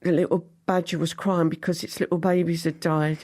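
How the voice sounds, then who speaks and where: A woman voicing a soft-hearted, fussy middle-aged mum, delivered in a chatty comic way. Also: on the low side, flat delivery, a little fast, lightly acted. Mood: put-upon.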